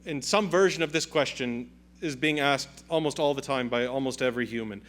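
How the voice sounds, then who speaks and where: A man's voice: medium pitch, a little fast, fairly bright tone. A male pastor preaching a sermon with an emphatic, repetitive cadence.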